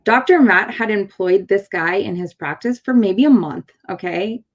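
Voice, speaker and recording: A chiropractor in her thirties from San Diego, California, hosts a show and shares a personal story in casual conversation. Her mid-range voice moves at a normal speed as she animatedly acts out the dialogue, with plenty of fillers and restarts.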